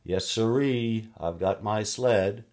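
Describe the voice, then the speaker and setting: A man's voice: fairly low pitch, takes it slowly, darkish tone, pitched above the performer's own voice. A man reading aloud the lines of a plucky young boy from a storybook, in a cheerful, proud telling.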